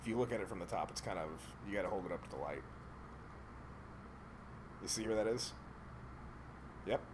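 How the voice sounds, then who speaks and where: A man's voice: low-pitched, expressive, fairly quick, very noisy. A man co-hosting a radio talk show, chiming in casually with laid-back banter.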